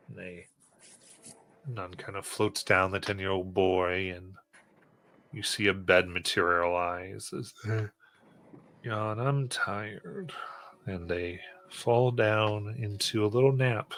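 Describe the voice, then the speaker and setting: A man narrating and running a tabletop game as game master, in a measured, guiding manner. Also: sits low, fairly even intonation, fairly bright tone.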